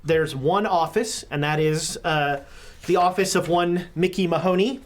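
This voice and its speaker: A woman narrating a tabletop game as game master, in a meandering, halting way. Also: on the low side, a little hiss or hum.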